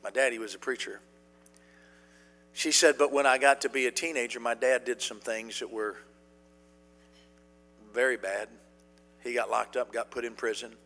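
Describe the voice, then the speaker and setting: A man preaching a sermon, telling a story in a folksy, animated way with many fillers and restarts. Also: medium pitch, normal speed, pauses often, long reverb tail.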